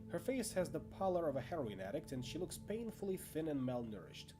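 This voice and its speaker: A man narrates a tabletop horror game as game master, his pitch rising and falling with animation. He breaks off for chatty asides and trips over names. Music plays steadily underneath.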